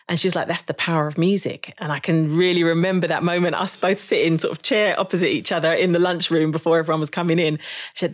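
Here a jazz saxophonist, a woman with a lowish voice and steady tone, speaks fast as a podcast interview guest. Her recollections of school are reflective and chatty, punctuated by frequent laughs.

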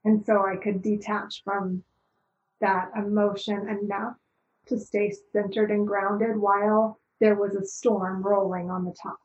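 Slow, calm-spoken middle-aged woman. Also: medium pitch, lo-fi sound. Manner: slow, calm, searching with many pauses. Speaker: guest. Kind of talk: reflective interview talk.

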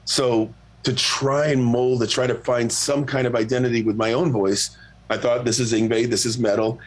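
A middle-aged man, a guest singer, telling a long story in a relaxed, profane, self-mocking way. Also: mid-range voice, moderate pace. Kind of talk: casual storytelling.

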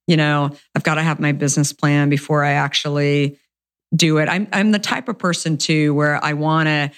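A woman's voice: sits low, fairly even intonation, normal speed. A middle-aged woman, a company founder, telling her story in a casual interview, peppered with "like" and "you know". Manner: chatty, frequent "like" and "you know" fillers. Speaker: beverage company founder, guest.

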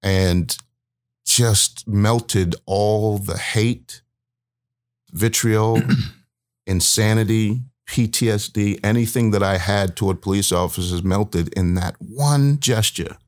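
A man with a very low voice speaks as a guest, recounting a personal story in an earnest, emotional way. He acts out what others said to him as he goes along. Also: slow, a little mellow. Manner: earnest, emotional, vivid retelling with acted-out quotes.

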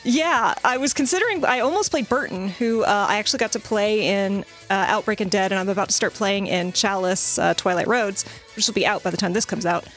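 A woman's voice: mid-range voice, fairly quick, a bit bright, soft background music. A woman in casual podcast chat about her tabletop role-playing character, talking freely with lots of fillers. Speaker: tabletop game player.

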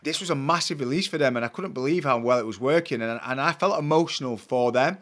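A man's voice: mid-range voice, fast, a bit bright. A man hosting a podcast, enthusiastically recounting his own experience and speaking to listeners. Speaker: podcast host. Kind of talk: casual conversational interview.

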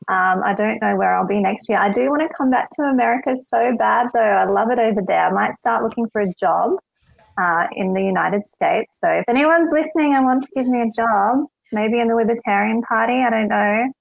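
A woman's voice: on the high side, a little fast, creaky, no echo, rough recording. An Australian woman, a podcast guest, chatting casually and laughing easily.

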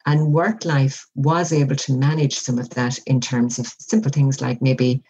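A woman talks as a guest in a conversational interview. She is reflective and unhurried, and she acts out little example dialogues as she explains. Her voice is mellow and dark with a breathy, husky edge. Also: rumbling low, little pitch movement, highs cut off. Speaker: workplace wellbeing guest.

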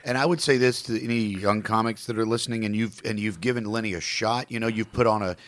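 Comedian guy on a podcast, lively, laughs a lot, acts out what people said. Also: on the low side, quick pace. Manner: animated, laughs often, acts out quotes. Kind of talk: casual chat.

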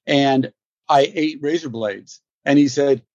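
A man, a guest actor, telling stories in an interview, animated and laughing, with many restarts. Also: mid-range voice, slow, dry recording, highs cut off. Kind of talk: storytelling interview.

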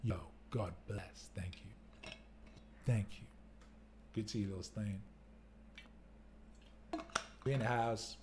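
A man's voice: fairly low pitch, animated, takes it slowly, long pauses, mellow, slight background noise. A man hosting a casual live stream from a rental home, talking in a rambling, laid-back way and laughing often. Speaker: livestream host. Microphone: desk mic for streaming, wearing headphones.

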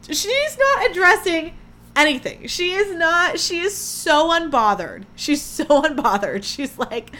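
A young woman hosting a podcast, chatting casually in an animated way with lots of fillers and restarts. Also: very high-pitched, a little slow. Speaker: podcast host. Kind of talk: casual chat.

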